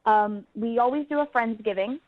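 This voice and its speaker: A female caller tells her story in a chatty, giggly way, her slightly high voice coming through a dull phone line. The sound is dry, with no room around it. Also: moderate pace, no echo. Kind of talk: phone-in chat.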